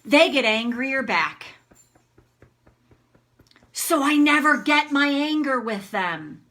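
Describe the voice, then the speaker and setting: A woman's voice: sits high, voice pushed up, exaggerated voice. A woman voicing a furious woman venting rage. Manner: loud, shouting bursts then clipped.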